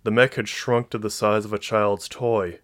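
Man narrating an audiobook, lowish voice. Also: level tone, moderate pace, a bit bright.

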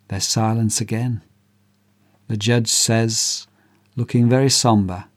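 A man's voice: lowish voice, fairly even intonation, takes it slowly, long pauses. A man preaching a sermon, earnest and emphatic, telling a courtroom story to his listener. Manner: earnest, emphatic, acts out characters' voices.

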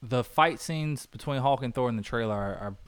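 A man chats casually on a film review podcast, breaking into laughter and playing out scenes as he recounts them. His voice is smooth and resonant at a middle pitch. The sound is dry and close to the mic. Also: a little fast, no room sound. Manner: animated, laughs often, acts out lines. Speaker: podcast co-host. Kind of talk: casual movie review chat.

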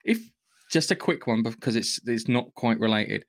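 A man co-hosting a podcast in casual chat, talking quickly in asides and checking in with "yeah?", with the odd swear. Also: mid-range voice, lively intonation. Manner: chatty, punctuates with "yeah?", swears. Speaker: podcast co-host.

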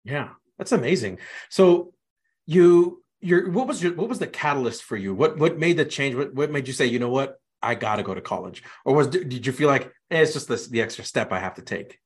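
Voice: medium pitch, animated, a little fast, husky. A podcast host interviewing a student, asking supportive, rambling follow-up questions.

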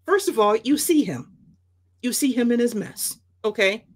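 A woman co-hosting a ministry podcast, talking through a Bible parable in a lively, conversational way and slipping into character voices. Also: on the high side, moderate pace. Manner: animated, acts out the characters she describes.

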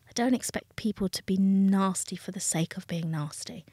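This dating coach, a woman, talks candidly and with real feeling in an interview, slipping into other people's voices when she quotes them. She speaks at normal speed in a medium pitch with a dark tone, captured in a dry recording.

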